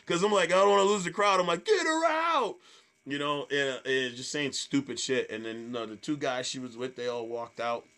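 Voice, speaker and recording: A man, a comedian, telling stage stories in casual chat, swearing freely and acting out hecklers in loud voices. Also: mid-range voice, a little fast, few pauses. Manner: animated storyteller, acts out hecklers in loud voices. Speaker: stand-up comedian guest.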